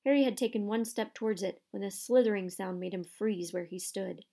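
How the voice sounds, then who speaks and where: A woman reading a storybook aloud in a steady, expressive narration. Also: medium pitch, a little fast, gravelly. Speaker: audiobook narrator.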